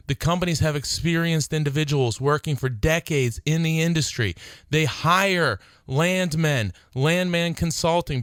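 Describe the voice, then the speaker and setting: A middle-aged man hosting his own radio talk show, speaking earnestly and growing excited as he urges listeners to call. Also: fairly high pitch, no room sound. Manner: earnest, excitable, laughs between phrases. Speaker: attorney and radio show host.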